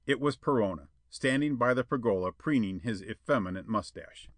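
A male narrator reads an old adventure story with expressive, lively intonation. His voice is bright and forceful, and the recording is dry and close-miked. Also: fairly low pitch, normal speed, few pauses, dry recording. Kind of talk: audiobook reading of a pulp adventure tale.

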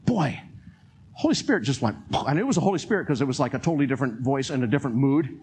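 An older man preaching a sermon in an animated way, acting out quotes and chuckling as he talks. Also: medium pitch, racing, a little hiss or hum.

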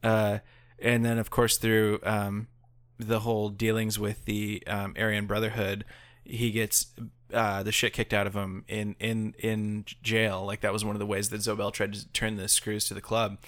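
A man's voice: fairly low pitch, completely flat delivery, measured pace, fairly bright tone. A married man co-hosting a casual podcast, rambling through his thoughts with lots of fillers and restarts. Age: adult, married. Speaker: podcast co-host. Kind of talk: casual chat.

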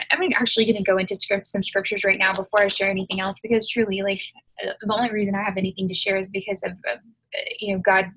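A woman's voice: medium pitch, a bit bright, slightly rough, poor audio. A woman giving a casual devotional talk over a video call from her living room, chatty and full of fillers and tag questions. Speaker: devotional speaker.

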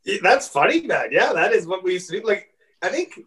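A man from Saskatchewan spins rowdy stories in casual podcast talk, swearing freely and leaping into put-on voices. His voice sits on the higher side, and he sounds a little distant from the microphone. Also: fairly quick. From Saskatchewan, Canada. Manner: animated, rambling, swears, acts out voices. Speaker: stand-up comedian guest.

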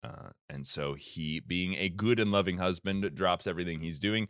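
A man with a fairly low voice hosts a loose comedy podcast, telling a story in a jokey, rambling way full of fillers. His tone is bright and crisp, and the sound is dry and close. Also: normal speed, dry recording. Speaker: podcast host recapping game lore. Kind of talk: casual comedic chat.

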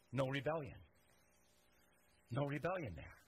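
Husky-voiced impassioned preacher man. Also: mid-range voice, big pitch swings, fairly quick, pauses often, poor audio. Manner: impassioned, emphatic, voicing quoted prayers. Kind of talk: sermon. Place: church service.

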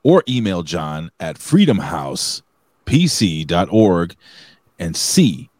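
A man's voice: low-pitched, big pitch swings, slow, a little mellow, no echo, clean studio sound. A male co-host of a live show who chats casually, jokes, and reads viewer comments aloud. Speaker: podcast co-host. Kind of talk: casual live-stream chat.

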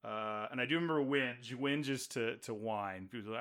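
A man's voice: mid-range voice, fairly quick. An American man hosting a podcast, telling stories in casual chat with lots of laughs. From United States. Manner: laughing, animated storyteller. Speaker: podcast host.

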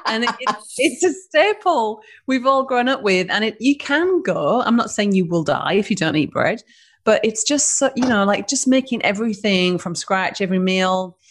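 A woman's voice: medium pitch, animated, moderate pace. A woman with a northern English accent, a business founder chatting informally as an interview guest. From northern England. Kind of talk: casual interview chat.

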